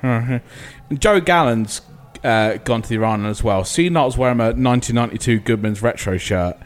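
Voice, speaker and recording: A man's voice: medium pitch, expressive, normal speed. A man co-hosting a casual pub podcast, telling a story and laughing along as he goes. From Portsmouth, England. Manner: laughs while telling stories. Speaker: podcast co-host. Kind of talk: casual pub chat, anecdote.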